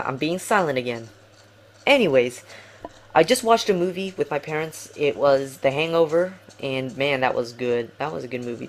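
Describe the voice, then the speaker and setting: A woman giving casual, rambling gameplay commentary, hesitating and restarting often. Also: low-pitched. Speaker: game commentator.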